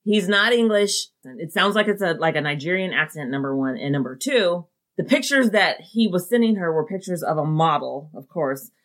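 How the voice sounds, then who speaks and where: Low-ish voiced woman co-hosting, blunt, swears a lot, laughs easy. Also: animated, normal speed, fairly bright tone. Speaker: podcast co-host. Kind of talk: casual chat.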